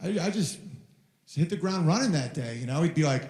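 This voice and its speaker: A man in his thirties doing a rambling stand-up comedy set on stage, telling stories about his toddler and shouting the child's lines in a high voice. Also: animated, fairly quick. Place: live venue with audience. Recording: roomy live venue sound.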